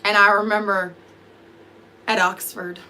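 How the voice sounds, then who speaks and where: A woman's voice: mid-range voice, level tone, unhurried, pushed and bright, slight background noise. A sleepy woman in her thirties, rambling and swearing as she answers her live chat. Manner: rambling, profane, self-deprecating, answering chat. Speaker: vlogger talking to live chat.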